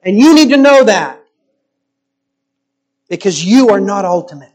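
A man preaching a sermon in an emphatic, rhetorical style with deliberate pauses. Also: high-pitched, animated, darkish tone.

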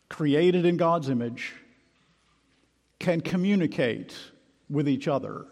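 A man preaching an expository sermon, emphatic and measured, slowing down to stress key words. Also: fairly high pitch, a little mellow. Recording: long hall reverb.

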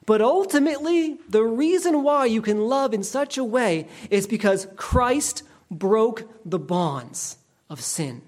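Earnest preacher slowing for emphasis. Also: medium pitch, darkish tone. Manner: earnest storytelling preacher who slows down to stress key words. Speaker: pastor. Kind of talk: sermon.

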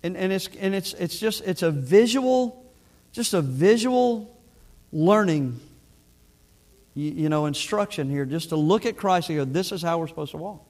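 Earnest preaching man, slightly high voice. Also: lively intonation, normal speed, a little mellow. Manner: earnest, conversational preaching with frequent restarts. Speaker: pastor. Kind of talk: sermon.

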